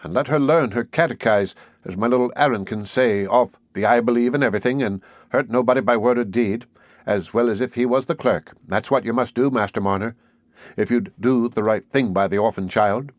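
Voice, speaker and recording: A man's voice: medium pitch, fairly quick, no room sound, clean studio sound, natural voice. A man doing a chatty, kindly village housewife. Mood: earnest. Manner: homely, chatty, earnest. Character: kindly talkative village housewife, middle-aged. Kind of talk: audiobook character voice.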